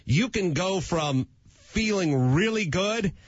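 A husky-voiced man spins a comic anecdote as a talk show guest, playful and self-deprecating. His pitch leaps around expressively as he acts out the story. The audio is muffled and lo-fi. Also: takes it slowly, dry recording. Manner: animated, playful, self-mocking.

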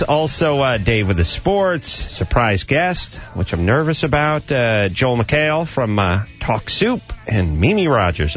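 A middle-aged man hosting a comedic radio talk show, wisecracking and slipping into silly voices. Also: medium pitch.

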